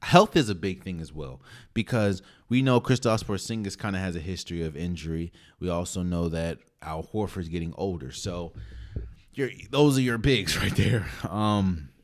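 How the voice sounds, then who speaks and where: Deep-voiced man giving emphatic sports takes. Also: moderate pace. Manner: emphatic, ranking teams with conviction. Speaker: podcast host. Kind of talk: casual sports opinion monologue.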